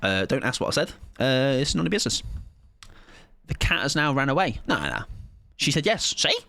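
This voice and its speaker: A man's voice: medium pitch, big pitch swings, fairly quick, creaky, bright, forceful tone, no room sound. A man streaming a game and bantering with his chat, rambling and teasing himself with frequent laughter. His voice leaps up and down expressively, and the sound is close and dry with no room around it. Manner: playful, rambling, self-mocking, laughs often. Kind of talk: casual live-stream chat with viewers.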